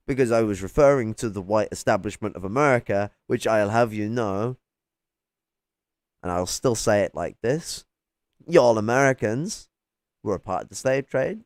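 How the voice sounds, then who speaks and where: A man's voice: lowish voice, a little mellow, no room sound, studio quality. A man in a heated, profane livestream rant, mocking and arguing with chat. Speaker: livestream host.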